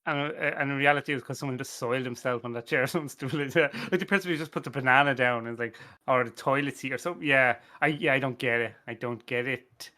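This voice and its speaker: A man's voice: mid-range voice, fast talker, hardly any pauses, bright, forceful tone. An Irish man hosting a casual podcast chat, rambling, swearing and laughing often at his own stories. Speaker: podcast host.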